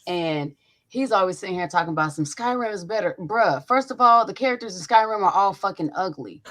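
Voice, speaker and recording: A young adult woman hosting a podcast over a video call, chatting casually with loud, profane storytelling. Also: medium pitch, lively intonation, fairly quick. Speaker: podcast host. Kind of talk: casual chat.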